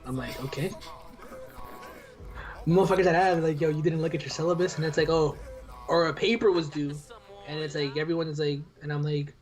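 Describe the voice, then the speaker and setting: A young man with a fairly high voice who rambles through relaxed stories as a podcast co-host. Faint music plays behind him. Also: a little fast. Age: young adult. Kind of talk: casual chat.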